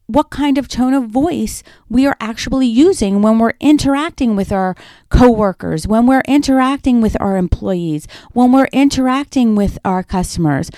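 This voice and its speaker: A woman's voice: a little high, dark tone, no room sound. Woman, instructor, conversational lecture, personal anecdotes, dry close sound. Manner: conversational, illustrating with personal stories. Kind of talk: lecture on communication.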